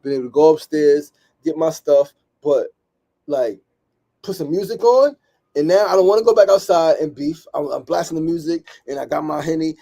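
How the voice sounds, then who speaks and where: A man's voice: fairly high pitch, moderate pace. A man hosting a motivational podcast, talking in an emphatic, repetitive, slangy way and ending lines with "right?". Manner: slangy, animated street talk. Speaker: podcast host.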